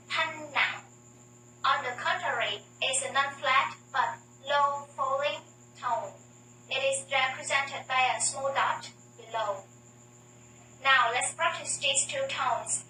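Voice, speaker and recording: A woman teacher with a Vietnamese accent, slowly and carefully explaining and drilling the tones of her language in a scripted lesson. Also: high voice, bright, forceful tone, slight background noise. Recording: echoey room, voice from far off.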